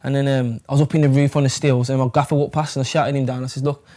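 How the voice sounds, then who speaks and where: A man's voice: medium pitch, flat delivery, quick pace, dark tone. A young man from England, chatting casually in an interview, rambling with plenty of fillers and swearing. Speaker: fighter.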